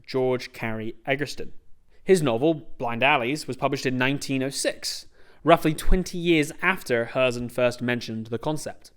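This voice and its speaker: A man's voice: mid-range voice, clear, resonant tone. A young man hosting a comedic video essay, sarcastic and sweary, breaking into rants.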